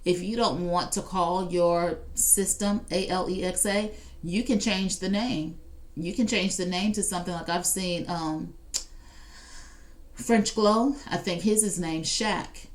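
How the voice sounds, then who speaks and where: A woman's voice: lowish voice, steady tone, takes it slowly. A woman hosting a casual live shopping stream, chatting to viewers and reading out their comments. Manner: chatty, addresses viewers directly, reads out chat comments. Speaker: live shopping show host.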